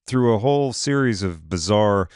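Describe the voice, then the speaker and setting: A man's voice: lowish voice, expressive, moderate pace, a little mellow, clear, resonant tone, no room sound. A man hosting a film podcast, giving dry, wry rundowns of an actor's filmography in casual chat. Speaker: podcast host.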